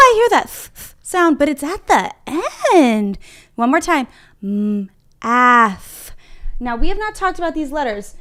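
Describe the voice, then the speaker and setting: A young woman teaching a livestreamed phonics lesson to small children, encouraging them and sounding out letters slowly and clearly at a whiteboard. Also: a little high, a little mellow. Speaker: kindergarten reading teacher. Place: home room at a whiteboard.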